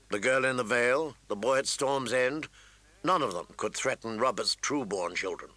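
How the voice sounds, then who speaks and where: A man reading fantasy narration as an audiobook narrator, with a steady, even storytelling delivery. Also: mid-range voice, dry recording.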